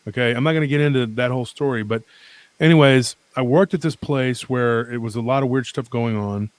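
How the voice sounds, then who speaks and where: A man tells his story in a steady middle-pitched voice. He rambles with animation, piles up fillers and starts over mid-sentence. The sound is dry and close, with little room around him. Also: a little fast, dry recording. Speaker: guest. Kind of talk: casual storytelling on a podcast.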